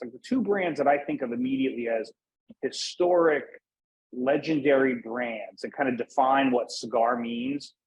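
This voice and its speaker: Husky-voiced male interview guest. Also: medium pitch, rough recording. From Northeast Pennsylvania. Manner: easygoing, conversational, with "you know" fillers. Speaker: guest, cigar brand manager. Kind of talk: casual interview.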